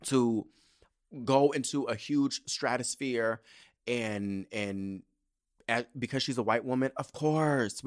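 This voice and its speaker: A man hosting a solo podcast, ranting in a sassy, profane, casual way with big swings in pitch and loudness. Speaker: podcast host.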